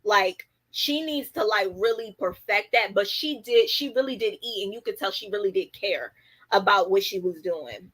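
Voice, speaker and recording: A woman's voice: medium pitch, moderate pace, a bit bright, low-quality recording. A woman hosting a casual livestream, chatting with lots of fillers and reading viewer comments aloud. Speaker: livestream host.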